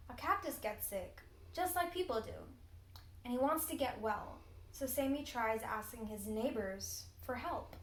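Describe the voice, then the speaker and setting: A teenage girl narrating a children's picture book in an expressive, deliberate read-aloud style. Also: on the high side, reverberant, poor audio. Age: teens. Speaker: storybook reader.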